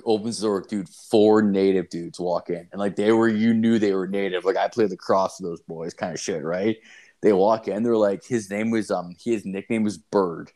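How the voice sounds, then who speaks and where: A man's voice: fairly low pitch, steady tone, moderate pace, dark tone. A man co-hosting a podcast, telling a rambling, profane story in casual chat, full of "like" and "dude". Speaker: podcast co-host.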